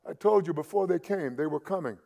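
A man pastor preaching a sermon, often restarting words and building to loud, emphatic peaks. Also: on the high side, animated, fairly quick, vocal fry, highs cut off.

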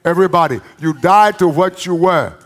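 Animated East Texas preacher man. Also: high-pitched, normal speed. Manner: animated preaching with folksy humor and repetitions. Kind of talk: sermon.

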